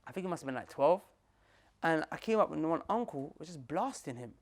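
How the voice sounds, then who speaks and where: A young man giving a lively talk to a group as a Muslim preacher, using slang, repeating himself and addressing his listeners directly. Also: a little high, a little fast.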